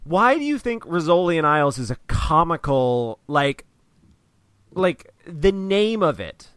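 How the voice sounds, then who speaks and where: A man's voice: a little high, sing-song, measured pace, fairly bright tone, clear, resonant tone, dry recording. A man co-hosting a comedy podcast, riffing on absurd improvised bits in casual chat. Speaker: podcast co-host.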